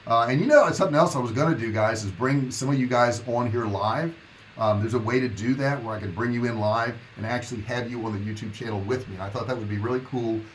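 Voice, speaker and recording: A man's voice: medium pitch, fast, a little hiss or hum, low-quality recording. Chatty man hosting a live stream. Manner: chatty, loose and rambling, talking to viewers. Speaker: livestream host. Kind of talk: casual live-stream chat.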